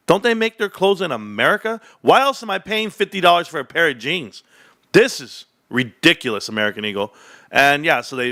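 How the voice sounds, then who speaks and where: A man hosting a casual livestream, talking about stocks in an animated, boastful, rambling way. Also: mid-range voice, dry recording, studio quality. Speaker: host.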